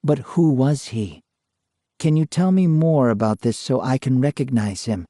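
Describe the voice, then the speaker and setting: A man voicing a calm, persistent male parapsychologist who questions patiently and evenly. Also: medium pitch, moderate pace, no room sound, clean studio sound, lightly acted. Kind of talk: dramatized ghost story reading.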